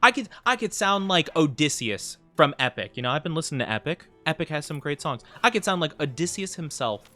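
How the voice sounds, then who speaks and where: A man's voice: a little high, big pitch swings, brisk, pushed and bright, faint music behind. A young man streaming a game, chatting casually and rambling, full of fillers and self-deprecating restarts. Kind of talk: casual gaming stream chat.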